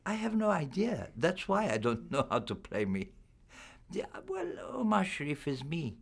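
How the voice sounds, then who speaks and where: Gravelly older man, lively low voice. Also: moderate pace. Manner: reflective, candid, chuckling. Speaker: film actor being interviewed. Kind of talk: press junket interview.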